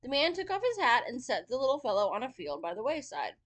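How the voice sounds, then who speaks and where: Female storyteller, casual read-aloud with chatty asides, animated delivery. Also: high voice, fast. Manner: chatty asides between reading.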